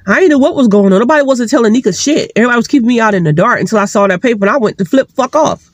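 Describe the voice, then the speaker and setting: Fast-talking woman venting heatedly. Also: on the high side, animated, no echo. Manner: heated, profane, emphatic. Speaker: single mother vlogger. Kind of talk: venting vlog monologue. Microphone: sitting, talking straight to camera.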